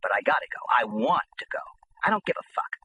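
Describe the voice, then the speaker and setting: Animated bright-voiced male audiobook narrator. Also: mid-range voice, fast, a little hiss or hum, poor audio. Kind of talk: audiobook narration of a first-person memoir.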